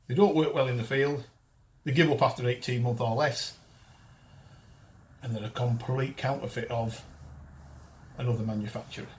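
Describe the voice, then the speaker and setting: A man, hosting a detecting show and ranting bluntly to camera. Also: mid-range voice. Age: 50s. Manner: blunt, ranting, frequent restarts. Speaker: detecting show host and dealer. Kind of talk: casual chat to camera.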